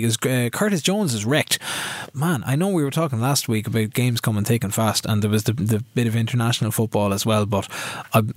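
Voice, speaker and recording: A man's voice: medium pitch, no echo. A man co-hosting a podcast, recapping his video game season in a rambling, self-deprecating casual chat with many fillers. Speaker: podcast co-host.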